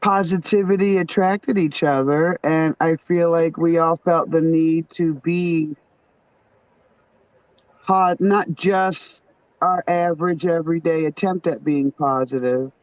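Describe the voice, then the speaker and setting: A woman's voice: low voice, measured pace, a little mellow, dry recording. A middle-aged woman with a New York accent, chatting bluntly with family on a stream, swearing and laughing often. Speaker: livestream host. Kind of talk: casual chat. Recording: dull muffled sound.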